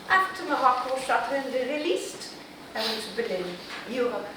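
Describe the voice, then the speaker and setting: An actress playing a witty, self-mocking glamorous film star in a staged theatrical monologue, laughing often. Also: female voice, high voice, expressive, very echoey, far from the mic, noisy background. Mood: wry. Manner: wry, playful, laughing often, drawn-out delivery.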